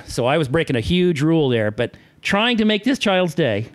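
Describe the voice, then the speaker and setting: A man's voice: on the high side, normal speed. A man telling stories about his old costume-character job in a casual chat, often laughing and acting out the voices of the people in his stories. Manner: animated storyteller, laughs often, acts out voices in quotes. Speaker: guest, former theme park costume performer.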